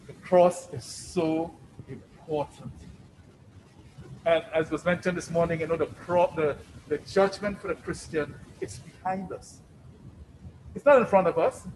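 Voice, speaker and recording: A man preaching a sermon, emphatic and deliberate, repeating phrases for stress and swinging between loud declarations and hushed asides. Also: high-pitched, a little hiss or hum, low-quality recording.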